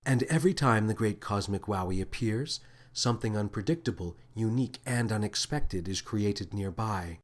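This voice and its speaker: A man voicing a calm, formal female alien first mate who speaks in a low, measured tone. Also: lightly acted. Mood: matter-of-fact.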